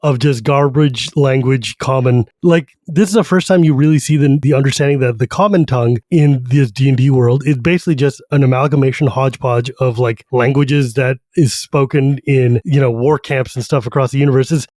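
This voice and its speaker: A man co-hosting a podcast retells a fantasy novel in an animated, casual book chat, his voice medium-pitched with no room sound. He darts into quick character voices as he goes.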